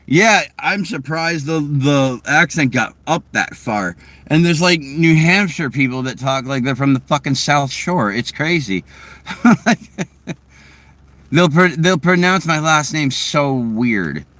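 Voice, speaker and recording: A man's voice: on the high side, animated, slow, a bit bright, no echo. A young man with a Boston-area New England accent chats loosely with viewers from his car, rambling with lots of fillers and restarts. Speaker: streamer chatting with viewers. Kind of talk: casual live chat.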